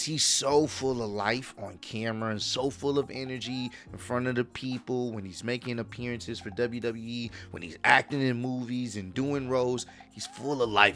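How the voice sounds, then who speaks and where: A man casually reacting to a video and chatting in a relaxed, slangy way. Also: mid-range voice. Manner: laid-back, chatty slang. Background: faint instrumental music.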